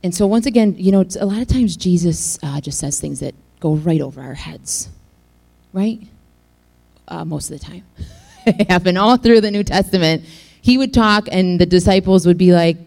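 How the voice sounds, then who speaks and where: A woman's voice: lowish voice, expressive, normal speed, creaky, a little mellow. A woman preacher giving a casual, joking sermon, acting out the scenes she tells. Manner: chatty, joking, acts out scenes.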